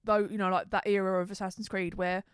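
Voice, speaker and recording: A woman's voice: medium pitch, little pitch movement, fast, clean tone, no echo, clean studio sound. A woman co-hosting a podcast in casual chat, laughing often, swearing freely and acting out game lines. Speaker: podcast co-host.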